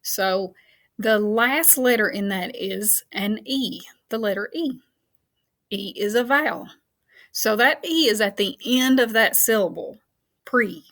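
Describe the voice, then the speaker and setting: A woman teacher's fairly high, slightly bright voice leads a recorded children's phonics lesson. Patient and encouraging, she spells and counts slowly, laughing off any mistakes she makes.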